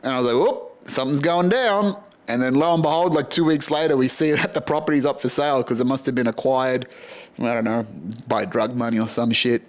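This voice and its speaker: A man's voice: mid-range voice, fairly even intonation, fast. A man with an Australian accent hosting a podcast, rambling through a casual, sweary monologue and laughing at his own jokes. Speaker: podcast host.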